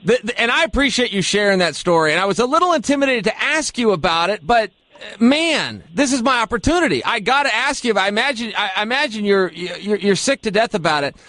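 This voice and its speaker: A man's voice: high-pitched, sing-song, fast talker, bright, forceful tone, no echo. A male interviewer asking questions in an earnest, casual way, often stumbling over his words.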